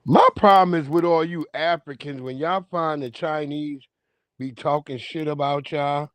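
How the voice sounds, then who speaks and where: A man hosting a livestream, reacting to clips with loud, profane, laughing banter. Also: fairly high pitch, steady tone, measured pace, clear, resonant tone, no echo. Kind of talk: casual reaction commentary.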